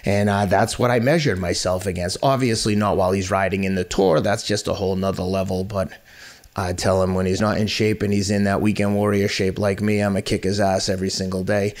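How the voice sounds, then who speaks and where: A man in his fifties with a fairly low voice talks as a podcast guest. He tells his story bluntly and candidly, mocks himself and swears casually. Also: level tone, a little fast. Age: 50s.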